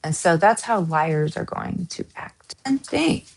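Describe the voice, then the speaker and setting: Slow, low-voiced Southern woman chatting. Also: animated, gravelly. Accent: Southern American. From American South. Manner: chatty and giggly, many ums and restarts. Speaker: true crime channel host. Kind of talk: casual true crime chat, reading viewer comments.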